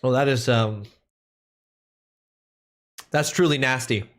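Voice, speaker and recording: A man's voice: medium pitch, slow. A man streaming a video game live, joking around and talking to his chat between gameplay. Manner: playful, jokey, talks to chat. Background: game music.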